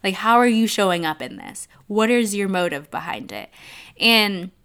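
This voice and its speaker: A woman's voice: medium pitch, animated, normal speed, fairly bright tone, smooth. A young woman hosting her own podcast, talking earnestly and from the heart, speaking straight to her listeners as a life coach. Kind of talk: personal podcast monologue.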